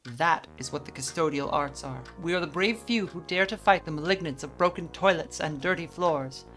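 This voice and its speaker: A woman's voice: sits low, normal speed, fairly bright tone, faint music behind. A woman voicing a burly, grandiose male janitor who treats cleaning as a holy duty, reading game dialogue aloud in a pompous, declaiming way.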